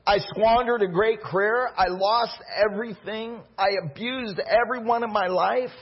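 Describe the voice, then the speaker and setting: Male pastor, high husky voice, earnest emotional preaching, muffled lo-fi church recording. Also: moderate pace. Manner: emotional, earnest, builds in intensity. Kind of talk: sermon with prayer.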